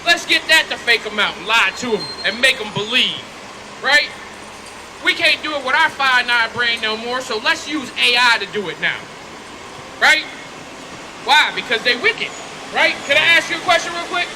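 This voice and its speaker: A man street preaching outdoors, loud and confrontational, firing rhetorical questions at passersby. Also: very high voice, lively intonation, moderate pace. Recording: street noise behind.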